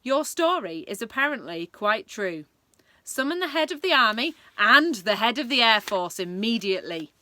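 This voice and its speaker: A regal queen issuing crisp commands, imperious but composed. Her bright voice rises with a lively lilt, recorded close and dry, as a woman reading aloud puts her on. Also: fairly high pitch, moderate pace, no room sound. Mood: commanding.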